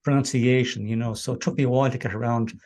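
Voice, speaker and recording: A man hosting a podcast, asking questions and chatting in a relaxed way with hesitant fillers. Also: medium pitch, fast talker. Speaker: podcast host. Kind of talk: interviewing.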